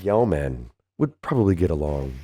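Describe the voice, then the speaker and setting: A polite, formal ship captain, as a game master puts him on, speaking in a low, mellow voice with genteel phrasing. He is a tabletop game figure, not a heavily altered voice. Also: sing-song, moderate pace, heavily acted. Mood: courtly.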